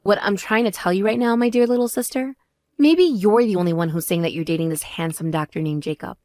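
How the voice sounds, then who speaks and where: A woman voicing a composed older sister who speaks in a calm, measured and cutting way. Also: no room sound, studio quality, natural voice. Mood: cool. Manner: measured, calm, lower and drier.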